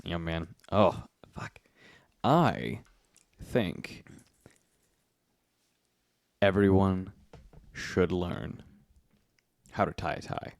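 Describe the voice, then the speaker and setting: A man's voice: low voice, lively intonation, very slow, vocal fry, long pauses, no room sound. A man co-hosting a casual podcast, laid-back and joking, swearing freely. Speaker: podcast co-host. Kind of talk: casual chat.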